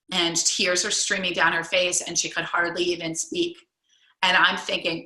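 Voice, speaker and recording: Rambling woman coach, lowish bright voice, echoey room. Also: level tone, normal speed. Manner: rambling, many restarts and fillers. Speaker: coach leading a group call. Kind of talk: casual storytelling to a group.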